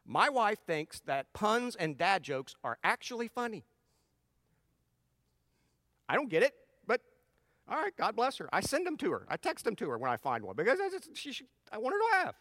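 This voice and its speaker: A middle-aged man talks to his audience in a relaxed, advice-giving way, often restarting his sentences as he tells stories. His voice sits high and swings widely in pitch. It has a bright edge and sounds close and dry. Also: normal speed, long pauses, dry recording. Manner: animated storyteller with frequent restarts. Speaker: speaker addressing his audience. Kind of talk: casual advice talk with personal stories.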